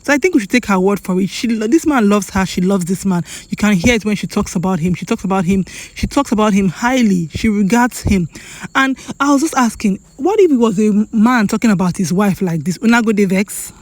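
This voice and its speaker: A woman's voice: medium pitch, animated, a little fast, no room sound. Chatty Nigerian woman vlogger, dry sound. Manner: chatty, emphatic, repeats for effect. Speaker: celebrity gossip vlogger. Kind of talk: casual commentary to camera.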